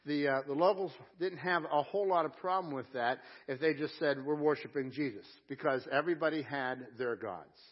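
A male pastor preaching to his congregation at a live service, his voice pitched a little high. He is earnest and drags out key scripture phrases for weight. The sound is slightly dull and lo-fi. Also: fairly quick, hardly any pauses, husky. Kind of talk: sermon. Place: church sanctuary at a live service.

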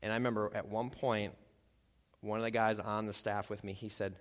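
A man preaching a conversational sermon as pastor, acting out quotes with lively voices. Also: lowish voice, brisk. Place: church sanctuary. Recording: long hall reverb.

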